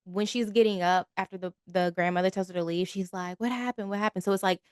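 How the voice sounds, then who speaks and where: A woman's voice: lowish voice, level tone, quick pace, darkish tone, clear, resonant tone, no echo, clean studio sound. A woman co-hosting a podcast, chatting casually about a movie and acting out quotes from it. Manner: conversational, laughs easily, acts out quotes. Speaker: podcast co-host. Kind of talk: casual movie recap chat.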